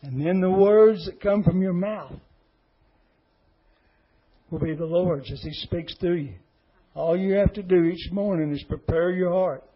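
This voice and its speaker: A man's voice: sits high, lo-fi sound. A middle-aged man, an associate pastor giving an earnest, emotional testimony sermon. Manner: emotional, earnest, repetitive pleading.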